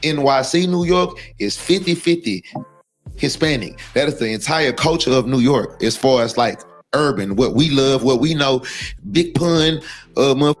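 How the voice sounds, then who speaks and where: A Texan man speaks as a guest in a casual interview, heated and profane, rambling with frequent asides and often saying "you know what I'm saying". His voice is medium-pitched at a moderate pace, with faint music behind him.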